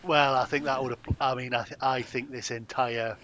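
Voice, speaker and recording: A man's voice: medium pitch, steady tone, moderate pace, pushed and bright, dull audio, slight background noise. Rambling man co-hosting. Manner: rambling, self-interrupting, joking. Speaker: podcast co-host. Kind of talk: casual chat.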